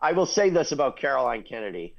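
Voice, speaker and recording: A man's voice: medium pitch, very animated, fast talker, gravelly, lo-fi sound. An older man hosting a talk radio show, blunt and opinionated, chuckling at his own jokes.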